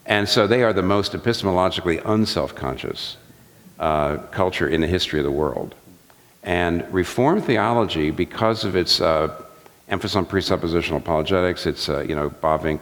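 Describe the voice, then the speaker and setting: A man's voice: sits low, a little fast. A man speaking earnestly on a theology panel, often restarting sentences and mimicking others for effect. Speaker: pastor and theologian on a discussion panel. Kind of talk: panel discussion. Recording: long hall reverb.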